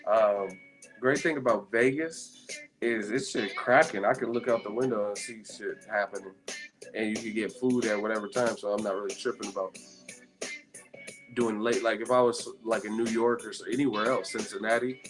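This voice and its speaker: With music in the background, a man hosting a boxing live stream from a Las Vegas hotel room chats with his viewers. The banter is tired, casual, rambling, and full of cursing, delivered in a lowish, steady voice at a moderate pace.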